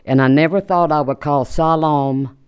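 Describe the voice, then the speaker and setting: A woman from South Arkansas reading a prepared statement at a podium microphone during public input, polite and deliberately measured. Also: low-pitched, fairly even intonation, darkish tone, clear, resonant tone. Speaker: resident speaking at public input.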